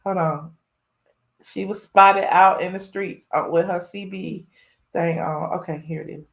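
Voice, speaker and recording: A woman's voice: on the low side, steady tone, measured pace, vocal fry. A woman hosting a live call-in stream, chatting casually and laughing with callers. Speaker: host of a live call-in show.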